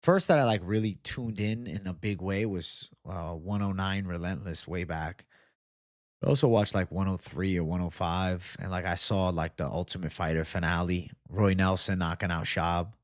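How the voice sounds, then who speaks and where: A man's voice: deep voice, moderate pace, dry recording, clean studio sound. A young man from Boston hosting a casual live chat. He talks loosely and swears a lot. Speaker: livestream host.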